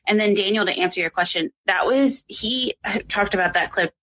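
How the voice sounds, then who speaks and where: A woman's voice: mid-range voice, normal speed, pushed and bright. A woman podcast host chatting casually on a live stream, full of "like" and "um". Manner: chatty, lots of "like" and "um". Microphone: home microphone for a live stream.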